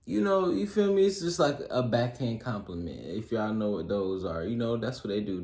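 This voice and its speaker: A man's voice: lowish voice, darkish tone. A young man giving casual advice, working through a list of pointers in a loose, slangy style full of fillers and check-ins. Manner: loose slangy delivery, many fillers and "you feel me"; works through a list of pointers, reading some aloud. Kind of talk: casual solo advice talk. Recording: roomy echo.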